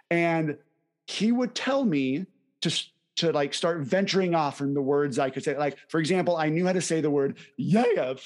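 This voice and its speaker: Young male co-host, bright higher voice, eager and chatty. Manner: upbeat, enthusiastic, laughs often. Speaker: podcast co-host. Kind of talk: casual chat.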